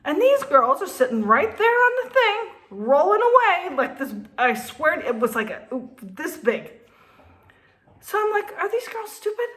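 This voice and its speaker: Woman in her 50s telling a story, high voice that swings all over, laughs a lot. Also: unhurried. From New Jersey. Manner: animated, laughing, swears. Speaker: vlogger. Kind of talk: casual storytelling.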